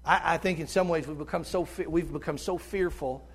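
A middle-aged man with a squeaky tenor voice preaching a sermon as a visiting preacher. He is impassioned and swings between loud urging and hushed tones. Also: steady tone, brisk, husky.

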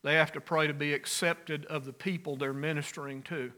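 A pastor preaching a sermon, earnest, rising loud on key phrases and dropping soft. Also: male voice, a little high, fairly even intonation, fairly quick.

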